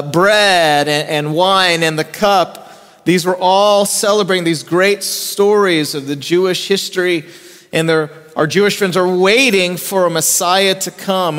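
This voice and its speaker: Man preaching in a reverberant hall. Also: high voice. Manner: preaching with big swings between raised emphasis and hushed, soft passages. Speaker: pastor. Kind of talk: sermon. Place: church sanctuary. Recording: long reverb of a church hall.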